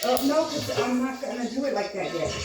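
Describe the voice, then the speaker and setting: A woman telling a story in casual chat and acting out the quotes with animation. Her voice sits a bit high. She sounds distant from the mic in a very echoey room with faint noise. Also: animated, fairly quick.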